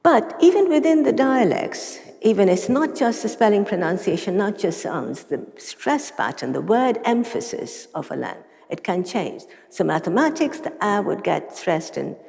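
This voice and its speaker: Woman giving a conference lecture, animated, bit of fry, echoey hall. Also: medium pitch, moderate pace, few pauses. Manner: dry humor, conversational asides. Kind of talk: academic lecture. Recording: long reverb of a lecture hall.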